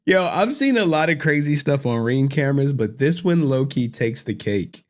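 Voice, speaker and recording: A man's voice: mid-range voice, normal speed. Laughing man riffing on viral clips. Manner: laughs often, loose slangy banter. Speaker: streamer reacting to clips. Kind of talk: casual reaction commentary.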